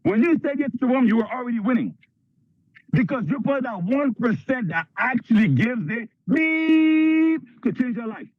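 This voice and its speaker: A man from Canada giving an energetic motivational talk at a sales training, acting out little skits in put-on voices. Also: very high-pitched, normal speed, no echo, lo-fi sound.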